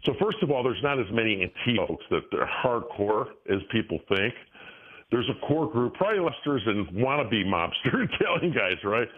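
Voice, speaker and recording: A man's voice: medium pitch, sing-song, normal speed. A man in his sixties, a guest talking in a rambling way, with many restarts and frequent chuckles. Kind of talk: casual interview talk. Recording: tinny phone line.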